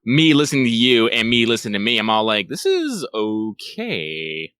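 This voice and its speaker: A man's voice: mid-range voice, fast talker, a bit bright, smooth, no room sound, studio quality. A man co-hosting a casual podcast, laid-back and joking, swearing casually. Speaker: podcast co-host. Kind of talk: casual chat.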